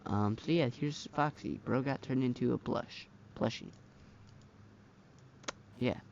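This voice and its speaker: Gravelly, rambling male game-mod reviewer. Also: mid-range voice, takes it slowly, darkish tone, a little hiss or hum. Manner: rambling, filler-heavy, slangy. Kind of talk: casual gameplay commentary. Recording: dull lo-fi mic.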